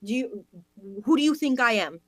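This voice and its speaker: A woman's voice: high voice, animated, normal speed, slight background noise. A woman improvising a brash, scheming mother of the bride in live improv comedy. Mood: brassy. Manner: brassy, blunt.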